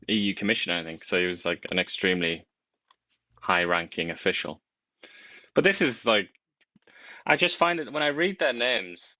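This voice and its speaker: Sarcastic man with a bright, forceful voice. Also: low-pitched, no echo. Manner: animated, sarcastic, laughs while talking. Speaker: commentator. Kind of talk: casual political commentary. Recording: dull lo-fi sound.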